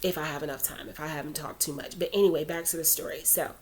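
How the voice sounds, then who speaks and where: A woman vlogger with a deep, slightly mellow voice tells a personal faith story to camera, talking fast with fairly even intonation. Her casual storytelling is chatty and rambling, packed with asides, and becomes earnest when she urges prayer.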